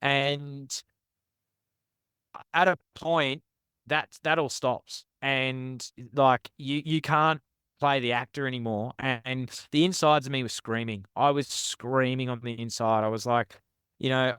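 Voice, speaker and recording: Man, smooth clear voice, frank and rambling, dry close recording. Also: medium pitch, steady tone, measured pace, fairly bright tone, no room sound. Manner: rambling, frank, self-deprecating with many restarts. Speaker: podcast guest, author. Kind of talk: candid personal storytelling.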